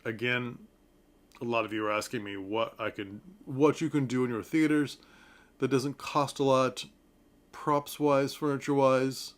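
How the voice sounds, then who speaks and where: A man talks through a stage play in a relaxed review to camera, mid-pitched and chatty. He sounds enthusiastic, pausing on ums and turning often to his viewers. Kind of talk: casual talk-to-camera review.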